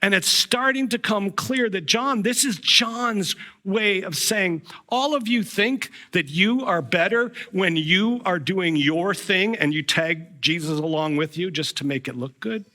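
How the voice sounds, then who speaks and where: A man's voice: sits high, a little slow, few pauses, sharp tone. A middle-aged man preaching a sermon as a pastor, telling a personal story in a conversational way with frequent restarts.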